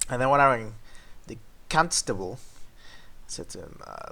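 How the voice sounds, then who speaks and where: A man telling a story as a vlogger, swearing a lot and swinging between loud outbursts and low mutters. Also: lively intonation, moderate pace. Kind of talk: casual storytelling rant.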